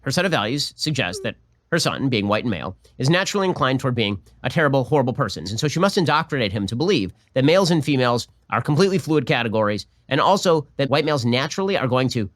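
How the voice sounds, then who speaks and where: Sardonic fast-talking man commentator. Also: medium pitch, big pitch swings, no echo, studio quality. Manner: sardonic, rapid-fire and mocking. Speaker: political commentator. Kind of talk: fast reaction commentary on clips.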